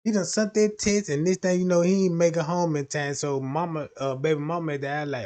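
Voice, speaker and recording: Rambling slangy man, slightly high voice. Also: steady tone, brisk, hardly any pauses, a little mellow. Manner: slangy, repetitive fillers. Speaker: streamer. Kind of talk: casual rambling monologue.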